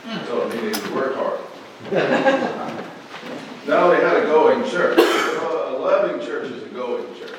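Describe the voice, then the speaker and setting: A man's voice: on the high side, lively intonation, unhurried, long pauses. A man preaching a sermon as pastor, folksy and emphatic, with bursts of rising emphasis. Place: large church sanctuary. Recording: echoey hall from far off, room noise.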